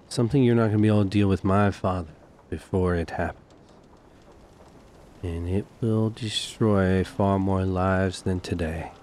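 A man voicing a grim young noble who is burdened and brooding, speaking low and measured in a tabletop game. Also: a little mellow, slight background noise, lightly acted.

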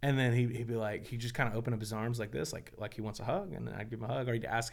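In a casual podcast chat, a pastor who is also a foster father tells stories animatedly, acting out the dialogue of the people involved. His mid-range voice is creaky and he talks at a racing pace.

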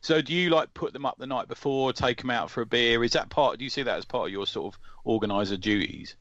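A man's voice: medium pitch, quick pace, a bit bright, dry recording, highs cut off. A man co-hosting a podcast, joking and asking questions in casual chat. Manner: joking, conversational interviewer. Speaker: podcast co-host.

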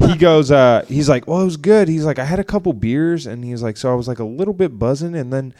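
A young man co-hosting a comedy podcast, telling a long story in a rambling, animated way and acting out what others said. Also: medium pitch, quick pace. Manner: rambling, animated retelling with quoted voices. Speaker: podcast co-host. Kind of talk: casual storytelling chat.

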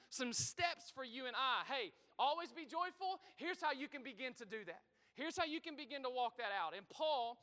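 A man preaching a sermon to his congregation, energetic and full of call-and-response, in a church auditorium. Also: extremely high pitch. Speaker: pastor. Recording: reverberant hall.

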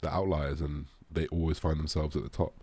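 A man's voice: a bass voice, level tone, a little fast, warm tone, husky. A young man, a bodybuilder, answering viewer questions in a rambling casual chat, full of fillers and the odd swear.

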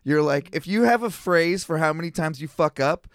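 Animated storytelling man, dry close sound. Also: normal speed, smooth, no echo. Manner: animated storyteller, acts out others in a higher voice. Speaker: podcast co-host. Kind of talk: casual chat, storytelling.

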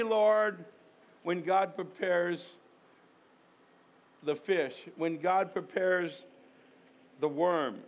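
A man, a pastor, preaching a conversational sermon, repeating himself and firing rhetorical questions at the congregation. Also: high-pitched.

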